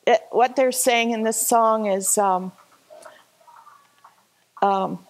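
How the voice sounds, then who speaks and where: A woman telling a lively, chatty story to a church congregation over a slideshow, laughing often. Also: fairly high pitch, slow, pauses often, poor audio. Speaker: church speaker sharing a trip slideshow. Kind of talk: casual storytelling talk. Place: church service.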